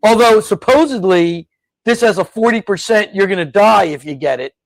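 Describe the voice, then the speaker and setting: A man's voice: sits high, expressive, normal speed, no room sound, poor audio. A man co-hosting a casual political chat from his home garage, blunt, dismissive and matter-of-fact. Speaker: co-host.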